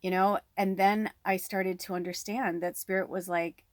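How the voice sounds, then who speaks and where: Middle-aged woman, tarot reader, casual and chatty, close-mic'd and dry, pitched in the middle. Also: flat delivery, moderate pace, dry recording. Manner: chatty, breathy asides, close to the mic. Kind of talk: pick-a-card tarot reading.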